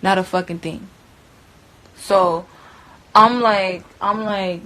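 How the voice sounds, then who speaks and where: A woman's voice: medium pitch, steady tone, slow, a bit bright. A young woman telling a story in a casual way, blunt and profane, with lots of "like" and "bruh". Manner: blunt, profane, filler-heavy, keeps saying bruh and like. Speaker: witness recounting an event. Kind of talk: casual first-person storytelling.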